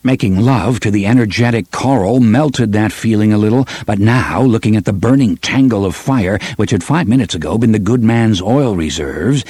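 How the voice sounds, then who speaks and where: A man reading a gritty novel aloud in steady, measured audiobook narration. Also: on the low side, husky, dry recording. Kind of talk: scripted narration.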